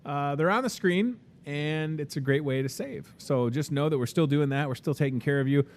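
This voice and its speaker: A young man with a Midwestern American accent hosts a casual live store promo, chatty and upbeat, full of joking sales patter. His voice is fairly high and his pace moderate, with slight background noise.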